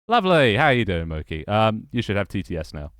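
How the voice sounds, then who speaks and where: A man's voice: deep voice, fairly quick, fairly bright tone, dry recording, clean studio sound. A young man chatting casually on a livestream, rambling and repeating his phrases as he greets viewers. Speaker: streamer and game developer.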